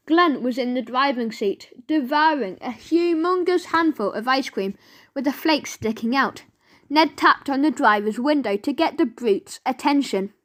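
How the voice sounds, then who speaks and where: A woman narrating a children's audiobook in a lively way, acting out the sound effects. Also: high voice. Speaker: audiobook reader.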